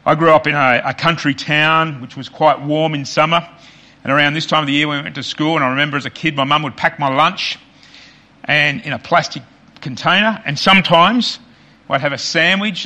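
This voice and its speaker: A man preaching a sermon as pastor, earnest and repetitive for emphasis, often dropping quiet on key points. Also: a little high, fairly even intonation, a little fast.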